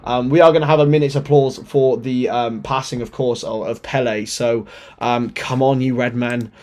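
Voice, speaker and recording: A man hosting a live football watchalong, commenting as a fan. He talks in an excitable, chatty way, often stumbles over words, and sounds nervous and shaky. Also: medium pitch, normal speed. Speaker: watchalong host.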